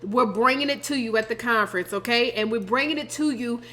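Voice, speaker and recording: Woman, emphatic hype, addresses the crowd, bright tense tone. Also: a little high, fairly quick. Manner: hyped, emphatic, addresses audience as y'all. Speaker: host and conference organizer. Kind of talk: energetic promotional pitch to viewers.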